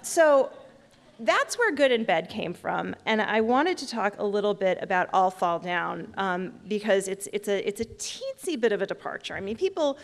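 A woman's voice: mid-range voice, lively intonation, normal speed, gravelly, few pauses, long reverb tail. A woman in her forties, an author giving a chatty, self-deprecating comic storytelling talk on stage.

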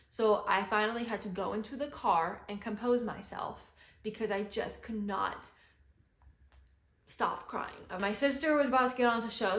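A woman's voice: medium pitch, fairly bright tone. A young adult woman vlogger telling a story in casual chat, with lots of "like" fillers. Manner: chatty, heavy use of "like" fillers. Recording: roomy echo.

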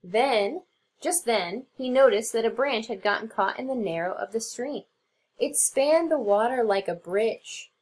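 A woman teacher narrating a children's storybook aloud in an expressive reading. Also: fairly high pitch, unhurried.

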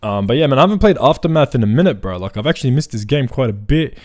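A young man giving casual, excitable gameplay commentary full of slang. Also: mid-range voice, quick pace, dry recording. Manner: excitable, slangy, says "bro" constantly. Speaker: gaming video creator.

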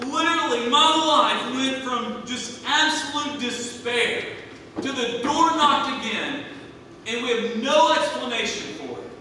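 A man in his thirties preaching a sermon, swinging between hushed and loud, emphatic delivery. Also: very high voice, a little hiss or hum. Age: 30s. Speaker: pastor. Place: church sanctuary. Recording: echoey church hall from a distant mic.

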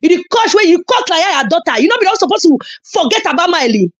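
Her pitch is extremely high, her delivery very animated and fast, and the recording lo-fi. A Nigerian Pidgin-accented woman who does social media commentary, she rants heatedly online, scolding a rival, hurling insults, and erupting in loud, emphatic outbursts.

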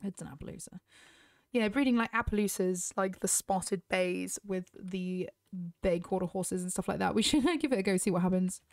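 A woman's voice: medium pitch, normal speed, dry recording. British woman, mid-range voice, casual gaming chatter, dry close recording. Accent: British English. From Britain. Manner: chatty, talks straight to viewers. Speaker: gaming YouTuber. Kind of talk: casual gameplay commentary.

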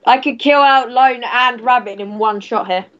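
A woman on casual voice chat while playing an online game, teasing and cheering loudly and swearing often. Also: on the high side, normal speed, a little hiss or hum. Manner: rowdy, profane, teasing, cheering others on. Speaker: player in an online wrestling game. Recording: slightly muffled voice chat.

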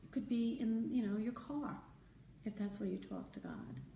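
Soft-spoken woman on a roomy live stream. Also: a little high, big pitch swings, creaky, slight background noise. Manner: gentle, repeats key phrases, conversational and unhurried. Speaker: spiritual teacher hosting a live stream. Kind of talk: casual live-stream talk answering viewer comments. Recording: roomy, distant mic, faint ambience.

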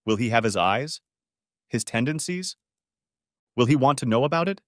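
A man giving an expressive scripted narration of a story. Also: mid-range voice, moderate pace, no room sound, clean studio sound. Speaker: audiobook narrator.

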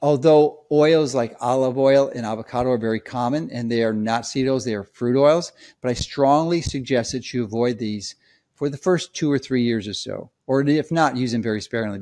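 A man of ordinary pitch gives a health explainer in an emphatic, lecturing tone. He stresses key points and repeats them so they sink in. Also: darkish tone. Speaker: health commentator. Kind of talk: direct-to-camera explainer.

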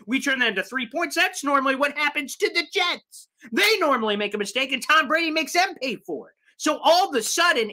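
A man hosting a live sports fan show, ranting with exasperation, swinging between loud outbursts and low mutters. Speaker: sports podcast host.

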